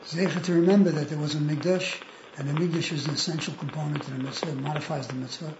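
A man's voice: a little high, steady tone, fast, gravelly. A man leading a group text study, explaining points patiently and often affirming others. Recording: roomy, muffled, noisy room recording.

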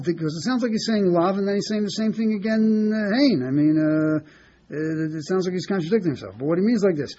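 A man with a slightly high voice gives a Talmud class lecture, stopping and restarting, repeating words and asking "okay?" to keep his listeners with him. The recording is dull and lo-fi, with a faint hiss underneath. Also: lively intonation, brisk, mellow. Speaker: Talmud teacher.

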